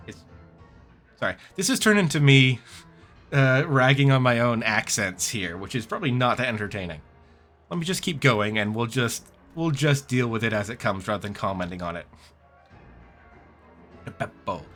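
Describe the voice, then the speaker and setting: Guy chatting while he plays a game, lively bright voice, pokes fun at himself, faint music. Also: medium pitch, normal speed. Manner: self-mocking, chatty. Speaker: game streamer. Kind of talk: casual gameplay commentary.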